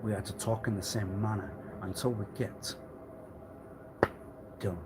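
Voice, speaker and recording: A man rambling alone on a livestream in a meandering way, repeating himself and often clearing his throat. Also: lowish voice, steady tone, measured pace, background noise. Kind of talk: rambling solo livestream monologue.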